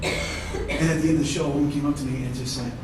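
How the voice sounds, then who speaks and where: A male comedian telling profane, animated stories on a theater stage, often laughing through his lines. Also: a little high, fast, background noise. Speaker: stand-up comedian. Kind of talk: live one-man comedy storytelling. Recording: echoey hall from far off.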